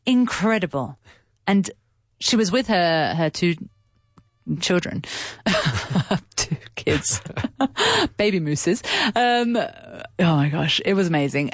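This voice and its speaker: A woman's voice: mid-range voice, no room sound, studio quality. A woman telling a story in a casual, chatty way as an English teacher, stopping to explain words as she goes. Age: adult with a child.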